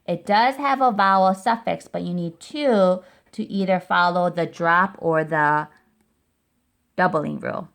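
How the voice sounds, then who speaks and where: A woman's voice: fairly low pitch, a little slow, a bit bright. A woman teaching a recorded phonics lesson to first graders, explaining spelling rules step by step in a patient way.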